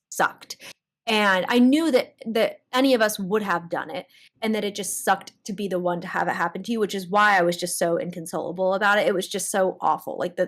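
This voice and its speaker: Young woman animatedly recounting her story. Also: mid-range voice. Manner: animated storytelling with frequent restarts and laughs. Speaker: guest contestant. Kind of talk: casual interview chat.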